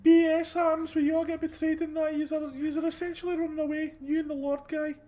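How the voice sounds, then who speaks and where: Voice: high voice, flat delivery, fast, dark tone. A host with a Scottish accent giving casual, rambling commentary over gameplay, chatty and full of restarts. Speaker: gaming channel host.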